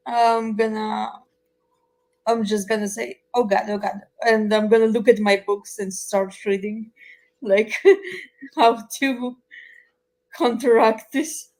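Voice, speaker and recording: A woman playing a tabletop role-playing game, speaking softly and hesitantly. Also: fairly high pitch, steady tone, slow, pauses often. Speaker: player. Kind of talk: casual tabletop play.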